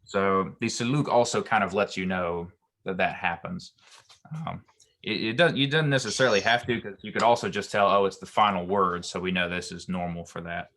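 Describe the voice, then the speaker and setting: A man tutoring Hebrew grammar, explaining slowly with many ums and restarts. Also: deep voice, a bit bright.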